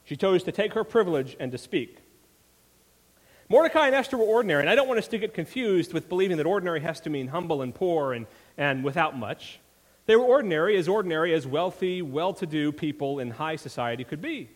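A man's voice: a little high, expressive, fast talker. A man preaching a sermon in a conversational way, often checking in with his listeners. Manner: conversational, frequent "right?" asides. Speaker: pastor. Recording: long reverb of a large hall.

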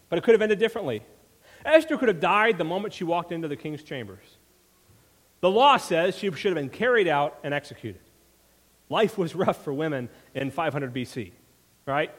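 A man preaching a sermon in a conversational way, often checking in with his listeners. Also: on the high side. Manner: conversational, frequent "right?" asides. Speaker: pastor. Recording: long reverb of a large hall.

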